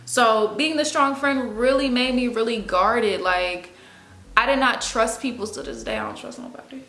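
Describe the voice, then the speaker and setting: A woman's voice: fairly high pitch, animated, normal speed, a bit bright, roomy sound. A young woman talking to camera in a casual, candid way, using slang and speaking expressively. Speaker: video host. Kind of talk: casual confessional talk to camera.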